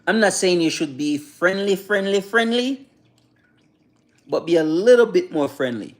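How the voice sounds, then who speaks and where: Brief: male livestreamer, voice a bit above average pitch, loose rambling delivery full of restarts and "you know what I mean". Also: expressive, moderate pace. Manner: reads and answers viewer chat. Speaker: livestreamer giving advice. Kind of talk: casual livestream talk.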